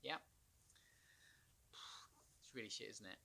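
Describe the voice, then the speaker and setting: Man, ex-marine vlogger, gravelly and bright, rambling storytelling with sighs. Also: lowish voice. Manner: rambling, halting, with nervous laughs and sighs. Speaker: former marine turned anxiety consultant. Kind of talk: personal storytelling to camera.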